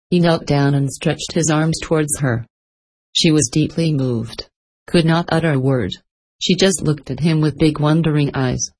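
A woman narrating a story in an even, unhurried reading. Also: deep voice, rough recording.

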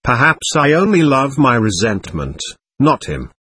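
Volatile, proud young woman; male reader doing her, husky, dry studio sound. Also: medium pitch, sing-song, unhurried, a bit bright, dry recording, full character voice. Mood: brooding. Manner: mood swings between tenderness and scorn.

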